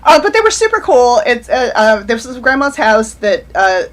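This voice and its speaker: A woman's voice: fairly high pitch, sing-song, moderate pace. A woman in her forties, an author telling rambling anecdotes in a casual chat over a video call. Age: 40s. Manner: rambling anecdotal storyteller, frequent restarts and laughs. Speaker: author guest.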